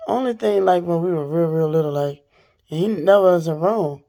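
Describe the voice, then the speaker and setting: A woman's voice: fairly low pitch, moderate pace. A woman telling a story and ranting straight to her viewers in a casual vlog. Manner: animated, talks straight to viewers. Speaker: vlogger. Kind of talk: casual storytime rant to camera.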